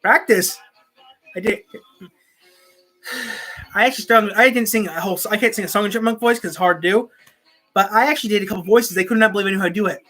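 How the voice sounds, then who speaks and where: Soft background music plays as a woman talks casually to camera on her own channel at home, rambling and restarting sentences often. She uses a desk microphone, and her medium-pitched, slightly bright voice is fairly quick with long pauses.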